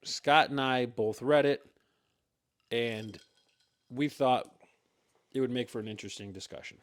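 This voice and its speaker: A man's voice: mid-range voice, unhurried. A man hosting a podcast in casual chat, teasing and wry as he leads the talk, into a mic on a stand. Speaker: podcast host.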